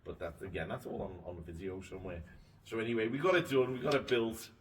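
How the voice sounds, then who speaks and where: Scouse bloke chatting about his boat, bit deep, mic sat a ways off. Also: animated, quick pace. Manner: storytelling, swears casually. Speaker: boat owner and show regular. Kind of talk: casual chat. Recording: distant mic with faint noise.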